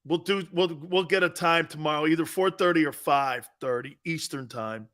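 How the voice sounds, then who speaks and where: A man hosting a live sports talk show, joking loudly with viewers, reading their comments and laughing often. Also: a little high, moderate pace. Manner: joking, loud, laughs often, calls out chat names.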